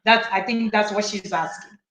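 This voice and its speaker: A woman's voice: mid-range voice, fairly even intonation, moderate pace, a crowd in the background. A woman host of an online parenting talk who reads out viewer questions and makes her points emphatically. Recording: echoey room.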